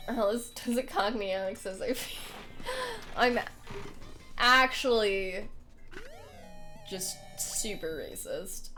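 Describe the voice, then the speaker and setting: Slow-talking, giggly young woman streamer. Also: mid-range voice, very animated, pushed and bright, soft background music. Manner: chatty and giggly, greeting viewers between laughs. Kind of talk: casual live-stream chat during a game playthrough.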